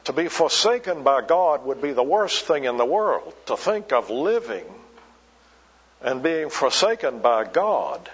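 A man preaching a sermon, slow and emphatic, repeating key words for weight. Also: a little high, breathy edge, big-room sound. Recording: dull lo-fi recording.

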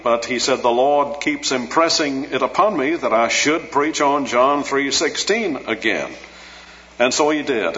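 Measured preacher in an echoing hall. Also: male voice, mid-range voice, a bit bright. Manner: measured, teacherly, slows for emphasis. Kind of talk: expository sermon. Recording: dull lo-fi audio in a reverberant hall.

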